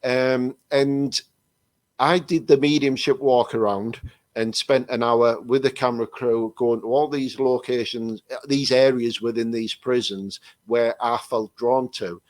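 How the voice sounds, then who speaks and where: A man's voice: mid-range voice, fairly even intonation, a little slow, no room sound. An English man, a psychic medium, telling rambling stories with many restarts in a casual chat over a video call. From England.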